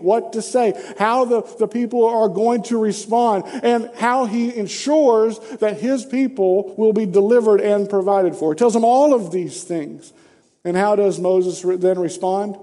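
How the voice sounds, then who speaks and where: High-voiced man preaching in a reverberant hall. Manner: conversational, rhetorical questions, animated paraphrasing. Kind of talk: sermon.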